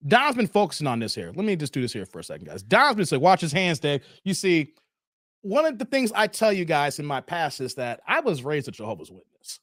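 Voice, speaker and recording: A man's voice: a little high, very animated, brisk, a bit bright, no room sound, studio quality. A man in his forties hosting a live stream, reacting to clips and talking straight to his chat viewers. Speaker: livestream host.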